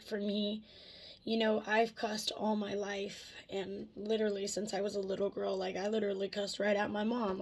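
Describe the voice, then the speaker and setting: Husky woman in a rambling vlog. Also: mid-range voice. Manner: candid and rambling, swears freely, laughs often. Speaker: vlogger. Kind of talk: casual confessional talk to camera.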